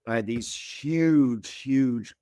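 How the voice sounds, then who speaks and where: A man in a podcast interview tells wild stories about himself in an animated, self-mocking way. He stutters over his words and leaps up high when he quotes other people. His voice sits at a middling pitch, recorded close and dry. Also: very slow, clean tone, no room sound. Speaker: guest, former reality show contestant. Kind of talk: casual storytelling in a podcast interview.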